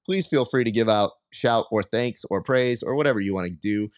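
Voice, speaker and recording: A man's voice: on the low side, a little fast, clean tone, no room sound. A man hosting a podcast, joking and playful, with a mock-formal edge to his teasing. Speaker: podcast host. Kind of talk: casual podcast interview.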